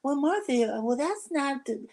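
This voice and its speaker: A woman doing a bossy, fussy woman who always knows better, her voice pitched up high and nagging. She corrects with a lively, pushy insistence. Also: normal speed.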